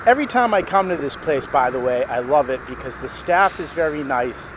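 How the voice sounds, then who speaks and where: A man's voice: fairly high pitch, expressive, brisk, noisy background. A man giving an enthusiastic, chatty walkthrough of a car dealership showroom. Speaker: car vlogger. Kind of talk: casual walkthrough narration.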